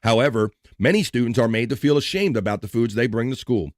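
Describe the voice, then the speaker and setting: A man's voice: medium pitch, expressive, fast talker, dry recording, studio quality. Playful man hosting a live stream. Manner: loose and playful, slips into silly put-on voices and sings bits. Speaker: livestream host. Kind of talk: casual live-stream chat.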